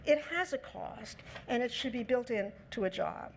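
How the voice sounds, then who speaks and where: A woman giving a lecture on negotiation, lively, acting out the quoted lines in her own voice. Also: on the high side, normal speed, creaky, slight background noise. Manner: lively, acts out quoted dialogue in her talk. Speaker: speaker on negotiation. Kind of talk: lecture talk.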